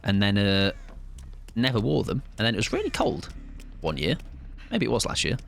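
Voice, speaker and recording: A man's voice: lowish voice, very animated, normal speed, creaky. A man chatting casually on a live game stream, joking and rambling with plenty of self-mockery. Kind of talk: live gaming stream chat.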